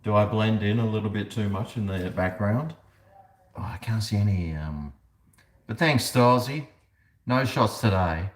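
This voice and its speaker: A man's voice: lowish voice, moderate pace. A man with an Australian accent chatting casually on a livestream, rambling with jokey asides and talking to his dog. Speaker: livestream host. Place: house, indoors and on a balcony. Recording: echoey room with faint background noise.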